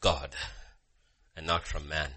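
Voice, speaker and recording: Male pastor, fervent sermon delivery; bright, husky tone. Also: very deep voice, level tone, slow pace. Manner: fervent, emphatic, repeats phrases, swings between loud and hushed. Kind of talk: sermon with opening prayer.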